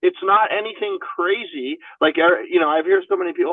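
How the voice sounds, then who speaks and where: A man's voice: high voice, fairly quick, hardly any pauses, no room sound. A man speaking as a podcast guest in a casual, candid chat, swearing often and leaning on fillers like "you know what I mean". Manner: profane, filler-heavy, 'you know what I mean'. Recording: dry, phone-like narrow sound.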